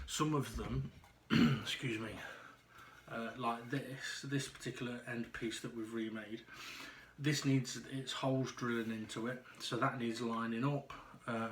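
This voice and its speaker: A man talking through a casual personal video diary at home, out of breath and halting, with frequent ums and restarts. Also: mid-range voice, a little hiss or hum. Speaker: vlogger.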